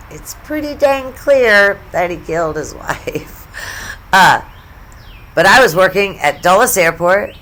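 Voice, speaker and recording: A woman's voice: fairly low pitch, a bit bright. A middle-aged woman from the United States telling stories in a casual sports vlog, chatty, blunt and profane, with asides. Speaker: sports vlogger.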